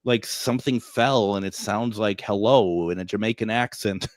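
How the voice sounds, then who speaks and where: A man's voice: on the low side, steady tone, normal speed, no echo, studio quality. Chatty man hosting a radio show. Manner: chatty, laughs often, restarts. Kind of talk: casual radio chat.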